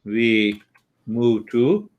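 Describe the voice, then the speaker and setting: A man teaching meditation slowly and calmly, with long pauses and Sanskrit terms. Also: medium pitch, highs cut off. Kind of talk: spiritual teaching talk.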